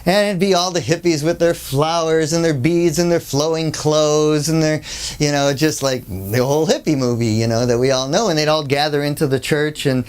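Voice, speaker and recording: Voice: medium pitch, normal speed, smooth. A workshop speaker telling an anecdote in a conversational lecture, full of asides and acted-out voices. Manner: animated storyteller who acts out the people in the story. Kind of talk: storytelling lecture.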